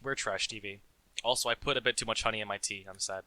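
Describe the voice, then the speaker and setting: A man's voice: lowish voice, steady tone, fast, pushed and bright, no echo, low-quality recording. A young man co-hosting a casual podcast, rambling with stumbles and restarts. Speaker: podcast co-host. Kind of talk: casual chat.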